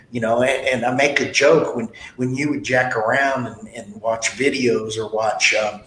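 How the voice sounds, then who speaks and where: A man's voice: steady tone, measured pace, few pauses, a bit bright. A man hosting a podcast interview, talking bluntly and motivationally with stories from his own life. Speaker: podcast host, sales trainer. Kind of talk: casual interview talk. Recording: echoey room with faint rumble.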